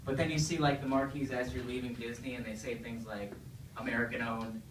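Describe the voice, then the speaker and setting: A man's voice: medium pitch, brisk. Echoey stand-up comedian man. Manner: conversational, asks the crowd questions. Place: comedy club stage. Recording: echoey room, distant mic, faint noise.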